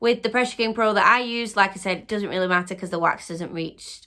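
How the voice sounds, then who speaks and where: A woman talks straight to camera on her own channel. Her voice is bright and forward, at an ordinary middle pitch. She is chatty and upbeat, often restarting her sentences as she goes. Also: a little fast, slight background noise. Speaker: small business owner and channel host. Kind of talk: casual chat to camera.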